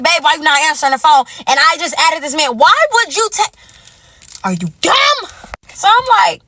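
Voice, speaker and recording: A woman telling a dating story to her viewers, animated and exclaiming, calling them y'all. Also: sits high, moderate pace, slight background noise, low-quality recording. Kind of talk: casual story time.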